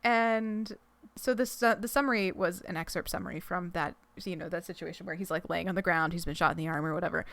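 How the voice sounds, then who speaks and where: A woman's voice: lowish voice, steady tone, fast, vocal fry, fairly bright tone, no room sound. A young adult woman co-hosting a podcast, chatting casually and giggling, with rambling fillers and restarts as she retells a story. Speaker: podcast co-host. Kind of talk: casual chat, reading a fic summary aloud.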